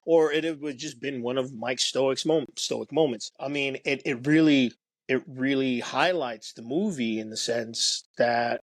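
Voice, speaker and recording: Guy rambling thru a podcast chat, lots of you know and restarts, dry close sound, mid pitch. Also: measured pace, no echo. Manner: rambling, many restarts and fillers. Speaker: guest documentary filmmaker. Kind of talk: casual podcast conversation.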